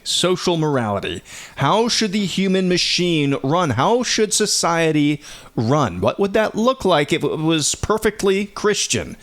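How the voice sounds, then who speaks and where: A man hosting a talk show, chatting casually and reading passages aloud. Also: medium pitch. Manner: relaxed, chatty, laughs easily. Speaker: host.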